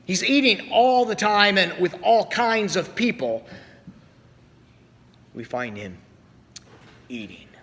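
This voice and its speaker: A male pastor preaches in a slow, measured way, his fairly high, bright voice carrying through a church with long reverb. He tells stories and pauses often between phrases. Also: lively intonation, a little hiss or hum. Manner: storytelling with acted quotes, slow pauses. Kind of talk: sermon. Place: church sanctuary.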